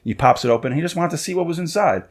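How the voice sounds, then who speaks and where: Man, thirties, podcast host, casual profane chat, animated storytelling, acts out quotes. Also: fairly high pitch, racing, breathy edge. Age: 30s.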